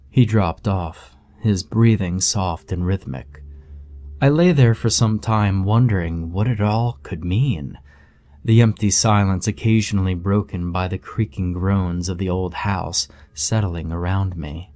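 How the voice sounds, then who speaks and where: Male storyteller, low mellow voice, steady somber delivery, horror narration. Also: unhurried.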